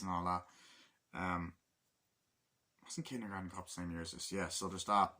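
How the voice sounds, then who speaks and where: A man's voice: fairly low pitch, normal speed, long pauses, noisy background. A man giving a rambling, casual film review, swearing often and acting out lines from the movie.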